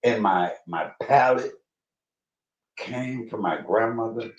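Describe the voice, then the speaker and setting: A man cooking at home on a livestream, chatting to viewers as y'all and breaking into high excited bursts. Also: slow pace. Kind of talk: casual livestream cooking chat. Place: home kitchen. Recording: roomy, dull livestream audio.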